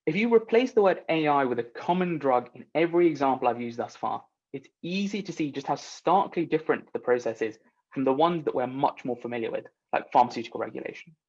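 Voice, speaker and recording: A man's voice: mid-range voice, expressive, fast, darkish tone, dull audio. A man giving a conference talk, speaking in an earnest, persuasive way with rhetorical asides.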